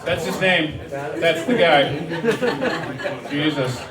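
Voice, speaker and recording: A middle-aged man doing a stand-up set in a small dive bar, talking in a rambling, self-deprecating way with halting restarts. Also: a little high, fairly even intonation, distant mic. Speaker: stand-up comedian. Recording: roomy bar sound from off-mic with audience. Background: crowd laughter.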